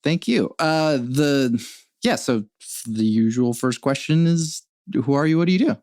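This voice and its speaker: A man's voice: mid-range voice, unhurried, darkish tone, no room sound. Laughing man hosting, dry close sound. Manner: friendly, laughs often, asks short questions. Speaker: podcast host. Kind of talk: casual interview chat. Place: his home.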